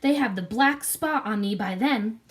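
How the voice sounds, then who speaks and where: A woman voicing a gruff, scarred old pirate captain who growls and gasps out his words. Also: on the high side, unhurried, natural voice. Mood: gruff, urgent. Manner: growling, gasping sailor talk.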